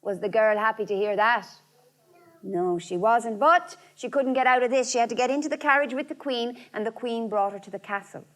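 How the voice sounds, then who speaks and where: A woman telling a folk tale aloud, lively and rhythmic, repeating phrases. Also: a little high, a little fast. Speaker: storyteller. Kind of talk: oral folk-tale storytelling.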